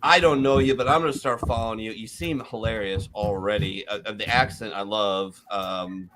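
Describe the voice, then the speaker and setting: A middle-aged man from Wisconsin hosting a casual bar-show chat, talking fast, joking and swearing. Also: lowish voice, fairly even intonation, background noise. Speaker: host.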